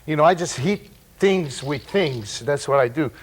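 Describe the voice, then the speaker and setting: A man with a Brazilian Portuguese accent, a native Portuguese speaker, gives a relaxed percussion class, rambling loosely and dropping in vocal sound effects. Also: fairly high pitch, moderate pace. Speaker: percussion teacher. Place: room with percussion table. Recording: loud percussion noise and clicks.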